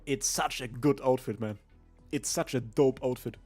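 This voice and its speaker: A man's voice: medium pitch, moderate pace, a little mellow, faint music behind. A young man streaming a video game, giving crude, joking commentary and laughing often. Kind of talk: casual game livestream commentary.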